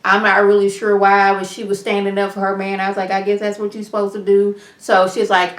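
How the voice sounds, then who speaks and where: A woman giving a casual recap of a reality TV episode, chatty and quick, acting out the dialogue as she retells each scene. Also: mid-range voice, monotone. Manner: talks fast at times. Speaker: reality TV reviewer. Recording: roomy echo.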